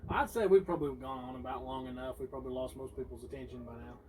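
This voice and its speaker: A man's voice: medium pitch, quick pace, mellow. A man hosting a casual pipe-smoking chat, laid-back and folksy. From Tennessee. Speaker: host. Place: front porch, outdoors. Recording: distant mic with faint outdoor noise.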